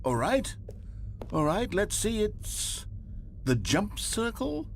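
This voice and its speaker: A sardonic British narrator from a video game, dry and theatrical, swinging his voice up and down in wide, dramatic arcs. The game audio carries a clear, steady background hiss. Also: sits high, slow pace, exaggerated voice. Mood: wry. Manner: dry, theatrical, mock-indignant.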